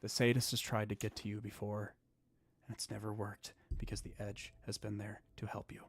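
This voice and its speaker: A man narrating as dungeon master, often dropping into a hushed, slow-building delivery. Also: on the low side, level tone. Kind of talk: narrating a tabletop game.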